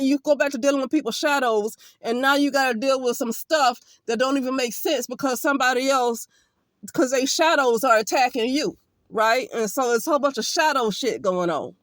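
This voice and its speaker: A woman's voice: high voice, no room sound. A woman from Alabama, an occupational therapist talking bluntly and emphatically in a casual vlog monologue, with some profanity.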